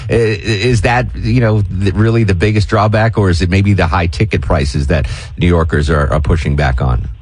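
A man's voice: low-pitched, moderate pace, slightly rough, no room sound. A man hosting a radio talk show, chatting casually and joking, slipping into voices of imagined fans. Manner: jokey, animated, puts on voices of fans.

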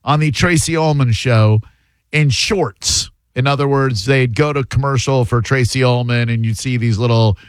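A man hosting a radio call-in show, chatty and animated. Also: mid-range voice, normal speed, clear, resonant tone, dry recording. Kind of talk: casual radio talk with callers.

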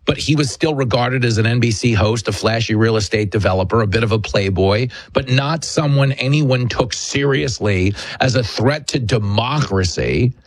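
A man's voice: mid-range voice, moderate pace, few pauses, dry recording. A man hosting a talk show, delivering a combative, emphatic political commentary monologue. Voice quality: husky.

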